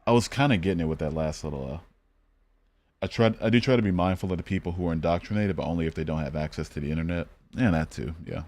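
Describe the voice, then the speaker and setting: A man's voice: low-pitched, quick pace, a little mellow. A man from Michigan hosting a casual live stream, speaking bluntly and profanely and thinking aloud with many fillers. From Michigan, United States. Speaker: streamer and host. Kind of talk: casual live-stream chat while playing a geography game.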